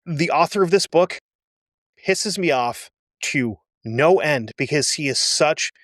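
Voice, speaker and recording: A man's voice: a little high, expressive, slow pace, fairly bright tone, no echo, clean studio sound. A man hosting a history show, telling the story casually with blunt, sarcastic asides. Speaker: history podcast host.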